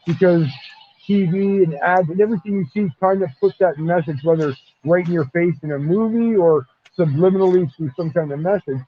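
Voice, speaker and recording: A man's voice: high-pitched, fairly quick. Guy rambling and cussing thru a story, dull lo-fi sound, bit of hiss. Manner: rambling, profane, animated retelling. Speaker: guest. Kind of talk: casual storytelling chat. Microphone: online voice chat. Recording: dull lo-fi audio.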